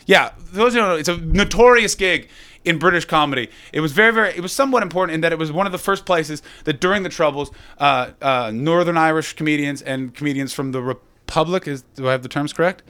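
A man doing stand-up, riffing with the crowd in a profane, animated way on a comedy club stage. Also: on the high side, quick pace, clean tone. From North America.

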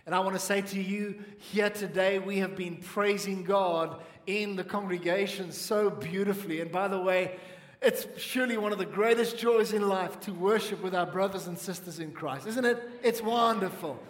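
A man's voice: sits high, moderate pace. A man preaching a sermon as pastor, emphatic, having the congregation repeat key phrases after him. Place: church hall. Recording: echoey church hall with long reverb.

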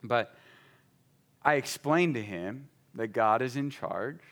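A man's voice: mid-range voice, animated, slow, fairly bright tone. A pastor telling a story about his son in a conversational sermon, acting out the dialogue between them.

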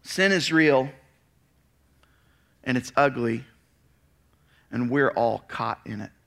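A man preaching a sermon, reading scripture aloud and then retelling it as a lively story with casual asides. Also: medium pitch, slow pace, gravelly. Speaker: pastor. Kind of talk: expository sermon.

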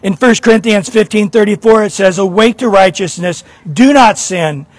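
An earnest male pastor with a high voice, preaching to his congregation. He asks question after question and often repeats a word before going on. The sound is dry and close. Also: normal speed, few pauses, dry recording. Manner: earnest, questioning, repeats words when starting. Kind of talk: sermon.

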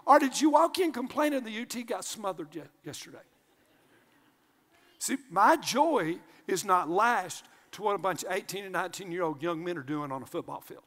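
An older male pastor delivers a lively sermon in a high voice. He swings between loud shouts and hushed asides, and his voice rings out with the long reverb of a large church hall. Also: normal speed.

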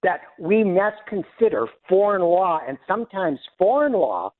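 A male author guest on talk radio, his high and lively voice coming through a thin phone line. He starts his points by repeating phrases before he gets going. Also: moderate pace. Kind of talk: radio interview.

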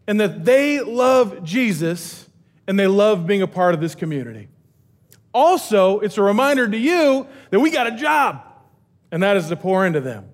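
A middle-aged pastor with a high voice preaches a casual, humorous sermon from a church stage. Energetic and joking, he often restarts his sentences.

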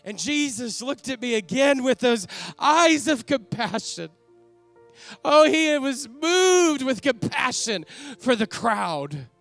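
A man's voice: extremely high pitch, sing-song, takes it slowly, a bit bright, soft background music, heavily acted. A man playing an earnest apostle in a dramatic first-person monologue, speaking with reverent, emotional awe. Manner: reverent, emotional, lingering on sighed exclamations. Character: awestruck older male apostle, earnest ex-fisherman.

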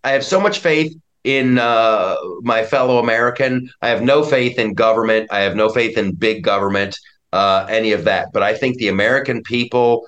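A man's voice: on the low side, normal speed, a bit bright, highs cut off. A man speaking as a guest in a political talk-radio conversation, emphatic and prone to restarting his sentences.

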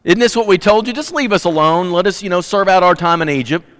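A frightened crowd of Israelite men whines and gripes with sarcasm, as a preacher acts them out. The voice is slightly high for a man, and it carries a long hall reverb. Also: expressive, quick pace, fairly bright tone. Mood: whining. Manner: whiny, griping, sarcastic.

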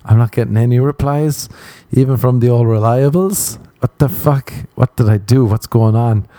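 A man's voice: mid-range voice, normal speed, mellow, no echo. A man hosting a podcast, telling crude, rambling stories and acting out the quotes in a casual comic monologue. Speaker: podcast host.

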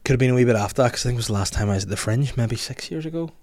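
A man's voice: medium pitch, animated, very fast, darkish tone. A man in his thirties hosting a podcast, rambling and laughing through casual chat. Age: 30s. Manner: rambling, laughing, slips into put-on voices. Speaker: podcast host.

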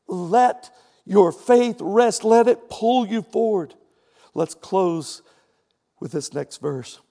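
A man preaching a sermon, telling a vivid story and swinging from hushed tones to loud exclamations. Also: sits high. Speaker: pastor.

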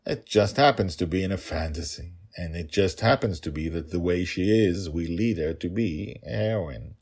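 A man's voice: low voice, normal speed, a little mellow, slightly rough. A man, the author and reader of a story podcast, explaining his story to listeners in a rambling way with laughs.

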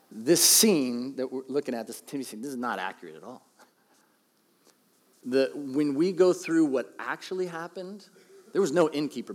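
A man's voice: on the high side, a little mellow, long reverb tail. A man in his thirties, a pastor, preaching a conversational, self-deprecating sermon and acting out quotes.

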